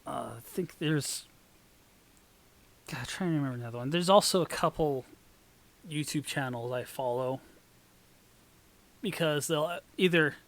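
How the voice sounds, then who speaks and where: A co-host in relaxed conversation who keeps pausing on fillers and restarting sentences. The voice sits at an ordinary middle pitch. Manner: halting, many fillers and restarts. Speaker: podcast co-host. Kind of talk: casual chat.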